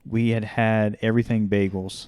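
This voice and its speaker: A man's voice: lowish voice, flat delivery, moderate pace, a little mellow, clear, resonant tone. Easygoing young man telling stories. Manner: easygoing anecdote teller. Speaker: podcast co-host. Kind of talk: casual storytelling.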